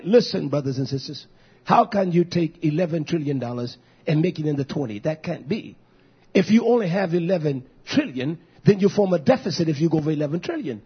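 Fiery husky-voiced male preacher. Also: lively intonation, fairly quick. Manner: preaching with sudden shouted swells and low muttered asides. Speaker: pastor. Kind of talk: fiery sermon. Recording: dull lo-fi recording.

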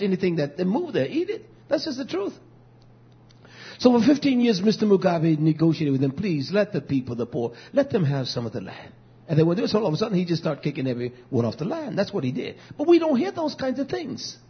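A man preaching a fiery sermon, swinging between loud declarations and low, muttered asides. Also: breathy edge. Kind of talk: fiery street-style sermon. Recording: dull lo-fi recording.

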